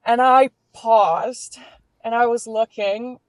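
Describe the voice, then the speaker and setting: A woman's voice: a little high, steady tone, slow pace, dry recording, low-quality recording. Candid young woman telling a story. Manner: candid, swears freely, many filler words. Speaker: podcast guest. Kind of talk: personal storytelling.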